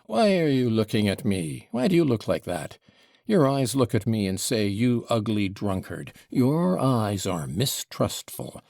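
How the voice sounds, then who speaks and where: A man's voice: fairly low pitch, sing-song, unhurried, creaky, a little mellow, no room sound, studio quality, full character voice. A man doing a drunken, cunning old father. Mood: suspicious, taunting. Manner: rambling, wheedling and taunting. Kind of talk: audiobook character reading.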